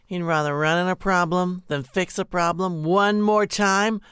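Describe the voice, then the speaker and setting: A man's voice: high-pitched, fairly even intonation, unhurried, a bit bright, clean tone, no echo. A man puts on a weary, drawling female vice president for a satirical sketch. Her accent wanders from line to line. The sound is dry and close. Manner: drawling, swings into put-on regional dialect.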